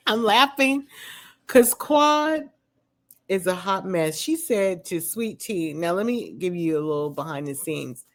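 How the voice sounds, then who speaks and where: Chatting through a reality show recap from home with her dog around, a woman vlogger rambles, says "you know" and "um" a lot, and shares her honest takes. She has a lowish, expressive voice and takes things slowly, pausing often.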